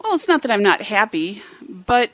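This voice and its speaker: A woman's voice: medium pitch, big pitch swings, normal speed, a bit bright, no echo. Chatty, laughing woman co-hosting Bible talk. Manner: chatty, laughs often, hesitant fillers. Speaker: co-host. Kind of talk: casual Bible study chat.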